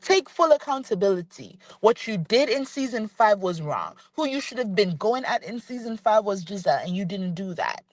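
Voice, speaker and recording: A woman's voice: mid-range voice, animated, moderate pace, hardly any pauses, no echo. A woman giving opinionated commentary on a vlog, ranting and speaking straight to the person she criticizes, repeating her points for emphasis. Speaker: reality TV commentator.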